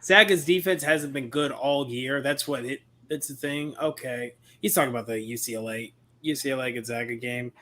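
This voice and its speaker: A man's voice: medium pitch, moderate pace, hardly any pauses, pushed and bright, a little hiss or hum. A man co-hosting a podcast, chatting offhandedly about games and betting. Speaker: podcast co-host. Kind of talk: casual sports chat.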